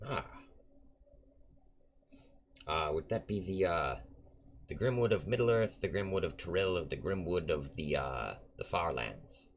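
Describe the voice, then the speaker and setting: A man's voice: low-pitched, animated, a little slow, long pauses, slight background noise. A man voicing a gaunt, cranky old male prisoner who exclaims and uses old-fashioned phrasing. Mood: rambling. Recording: dull lo-fi recording.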